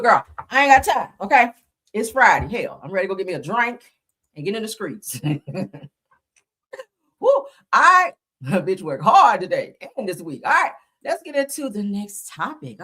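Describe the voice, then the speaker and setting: A woman's voice: medium pitch, a bit bright. A woman hosting a casual live-stream gossip commentary, talking in a dramatic, profane, chatty way.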